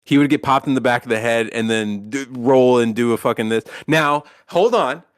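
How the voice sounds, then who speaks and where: A man's voice: medium pitch, moderate pace, clear, resonant tone, no echo, clean studio sound. Rambling, profane man ranting on a podcast. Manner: rambling, profane, animated movie rant. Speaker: podcast co-host. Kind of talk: casual podcast chat.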